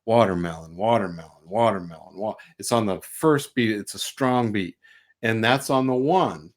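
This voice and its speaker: Middle-aged male music teacher on a livestream, easygoing, mid-pitched, casual explainer. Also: unhurried. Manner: relaxed, chats and sings rhythm syllables to show beats. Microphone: home livestream mic.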